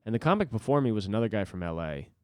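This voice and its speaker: A man with a low voice talks alone at his desk in a loose, rambling monologue, running himself down and swearing freely. His pitch swings widely as he talks. The sound is dry and close, with no room around it. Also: big pitch swings, racing, darkish tone, smooth, no echo. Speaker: stand-up comic and podcast host. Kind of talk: solo rambling podcast monologue.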